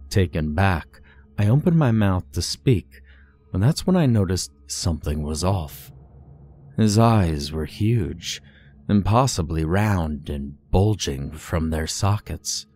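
A man with a very low voice narrates a scripted horror story. He takes an unhurried, measured pace and builds tension with a dramatic storytelling manner. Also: darkish tone.

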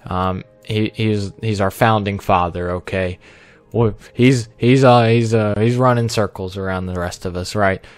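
A man's voice: on the low side, fairly even intonation, a little slow, no echo, faint music behind. A man giving casual off-the-cuff commentary as he ranks fellow YouTubers, joking, stammering through restarts and tagging lines with "okay?". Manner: rambling, joking, repeats "okay?" often. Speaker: YouTuber ranking fellow creators.

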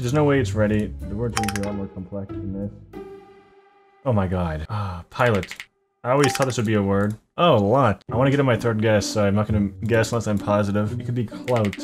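Man muttering word guesses over music. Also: lowish voice. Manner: thinks aloud, muttering guesses and swearing at words; greets viewers with "ladies and gentlemen". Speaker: gaming YouTuber. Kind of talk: casual gameplay commentary.

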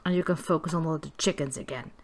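A woman's voice: low-pitched, quick pace. A woman giving casual gameplay commentary, chatty and giggly, cooing affectionately at the characters on screen. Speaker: gameplay video creator.

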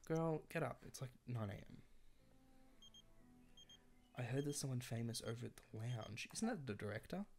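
A woman's voice: extremely low pitch, expressive, normal speed, pauses often, a little mellow, a little hiss or hum. A woman giving casual, wry let's-play commentary, chatting to the game characters as she plays. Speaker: gameplay commentator.

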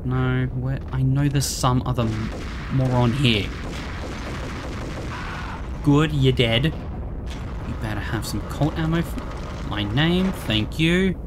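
A woman's voice: a bass voice, takes it slowly, pauses often, noisy background. A woman giving let's play commentary, ranting and swearing at enemies in exasperation. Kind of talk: gameplay commentary.

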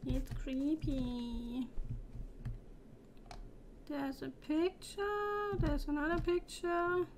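A high-pitched woman, speaking slowly and nervously as she plays a horror game. She chats to the things she finds on screen. Keyboard clicks and typing come through clearly behind her. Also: fairly even intonation, noisy background. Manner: nervous, talks to objects on screen. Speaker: let's play gamer.

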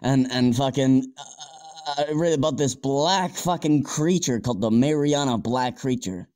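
A man's voice: medium pitch, measured pace, a little mellow, close to an everyday voice. A young man playing a panicky amateur scientist in an amateur audio drama, stammering and swearing as he talks. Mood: frantic.

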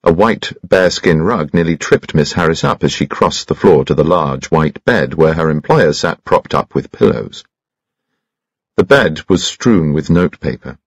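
A man narrating an audiobook in a measured, expressive storytelling manner. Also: extremely low pitch, slightly rough, no room sound. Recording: dry, slightly dull lo-fi.

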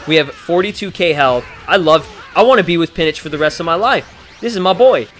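Young guy yelling and swearing over his game, slightly high voice, faint game music behind. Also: expressive, a little fast. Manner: hyped, swears a lot, frequent exclamations. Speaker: let's play gamer. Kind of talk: excited gameplay commentary.

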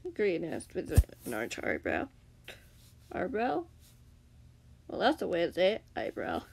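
A woman reads her own fan story aloud casually, correcting herself and adding chatty asides. Her voice is gravelly with a lively, wide-ranging pitch. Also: normal speed, background noise. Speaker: fanfiction narrator. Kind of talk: amateur story reading.

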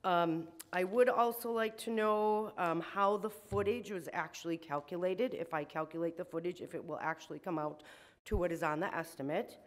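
A woman speaks up at a city hearing, voice shaking with emotion. She sounds indignant and upset, filling her pauses with ums as she presses her complaints. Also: on the low side. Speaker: resident speaking at public hearing. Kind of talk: public comment at city meeting.

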